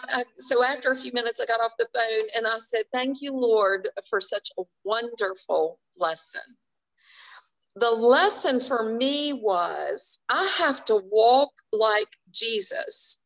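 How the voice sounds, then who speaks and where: A woman guest author telling a personal faith story in an interview, earnest and quick to laugh. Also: on the high side, expressive, a bit bright, poor audio.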